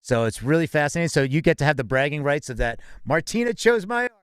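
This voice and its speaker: Smooth, clear-voiced male co-host. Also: on the high side, very animated, quick pace, no room sound, clean studio sound. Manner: upbeat, chatty, laughs often. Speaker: co-host of a live music news show. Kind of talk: casual live-stream chat. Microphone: home desk mic.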